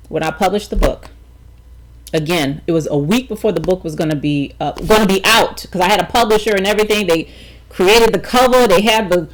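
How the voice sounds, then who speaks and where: Animated woman telling a personal story. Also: on the low side, low-quality recording. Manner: emphatic, animated storytelling with frequent restarts and "okay?" check-ins. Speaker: vlogger.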